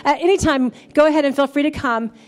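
High-voiced woman preaching a sermon. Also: fast talker, faint music behind. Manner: emphatic preaching with rising, fervent calls. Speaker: pastor. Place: church sanctuary.

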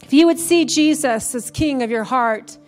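A woman's voice: high voice, normal speed, a little mellow, soft background music. A woman pastor preaching a sermon in a church, building to fervent, emphatic calls to praise. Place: church sanctuary.

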